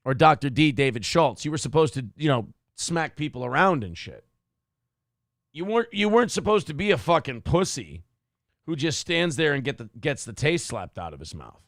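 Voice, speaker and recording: A man's voice: a little high, big pitch swings, moderate pace, fairly bright tone, dry recording, clean studio sound. A man hosting a morning show, giving crude, mocking commentary over video clips, getting worked up.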